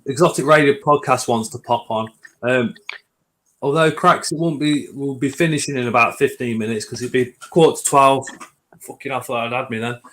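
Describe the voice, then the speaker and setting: A man's voice: medium pitch, brisk, a bit bright, slight background noise. A Scottish man hosting a late-night casual chat, jokey and sweary. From Scotland. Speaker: podcast host.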